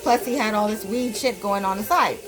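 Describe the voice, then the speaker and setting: A woman's voice: mid-range voice, fairly quick, music in the background, poor audio. Blunt, foul-mouthed Canadian woman storyteller. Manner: profane, blunt storytelling with lots of fillers. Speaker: vlogger. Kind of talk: casual storytelling vlog.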